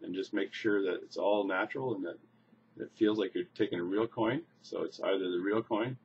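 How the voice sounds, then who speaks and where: Man, low voice, casual magic-trick tutorial with loose restarts; slightly dull recording, faint hiss. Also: a little fast. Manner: relaxed, repeats words and restarts while demonstrating. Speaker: magician teaching a coin trick.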